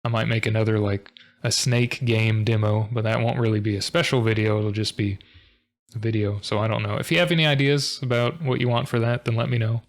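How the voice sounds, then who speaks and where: A tired man talking through his programming project late at night, in a low-key, monotone way with frequent ums and small laughs. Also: brisk. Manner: low-key, monotone, self-described as not very expressive. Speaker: programming tutorial host. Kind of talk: casual screen-recorded coding talk.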